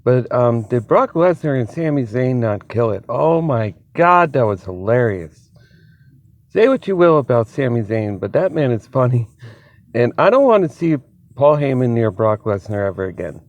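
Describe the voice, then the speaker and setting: A man hosting his own channel, chatting excitedly in a casual solo commentary, laughing often and swearing freely, amped up on an energy drink. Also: medium pitch, moderate pace, no room sound. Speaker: wrestling commentary channel host.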